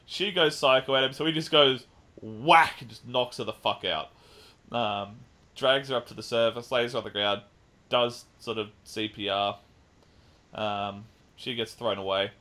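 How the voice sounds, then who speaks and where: A man co-hosting a podcast, casually recapping a film with lively retelling and the odd swear. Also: medium pitch, unhurried. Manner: animated retelling with swearing and mimicked lines. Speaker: podcast co-host. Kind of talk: casual chat, film review.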